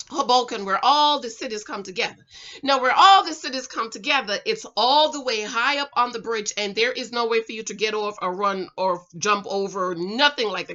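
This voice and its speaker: Animated middle-aged woman chatting to viewers. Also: on the high side, highs cut off. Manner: animated, talks straight to viewers as "girl" and "ladies", keeps checking with "okay?". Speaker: vlogger reviewing a reality show. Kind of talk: casual chatty commentary. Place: her home.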